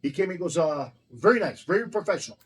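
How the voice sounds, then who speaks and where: A man's voice: on the high side, lively intonation, fast, slightly rough, low-quality recording. A man who owns a restaurant, telling stories in a blunt, profane, heated way during a casual conversation. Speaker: restaurant owner. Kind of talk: casual storytelling.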